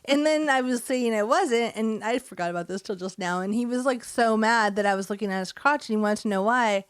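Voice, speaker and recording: A woman's voice: on the high side, fairly quick, hardly any pauses, clean tone, dry recording, studio quality. A woman co-hosting a podcast in casual chat, telling stories and laughing often. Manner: laughs often, animated storytelling. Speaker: podcast co-host.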